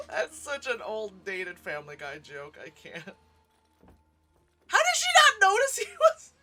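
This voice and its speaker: A lively woman reviewing a movie in a loose, chatty way. Her pitch swings all over as she reacts, and she laughs a lot. She swears casually and speaks frankly. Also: slow, pauses often, faint music behind. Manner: animated, laughs often, acts out sounds and lines.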